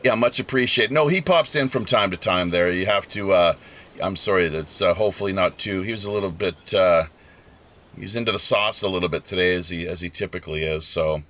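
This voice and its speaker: A man hosting a live podcast, talking in a halting way with many restarts. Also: deep voice, a bit bright, lo-fi sound. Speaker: podcast host.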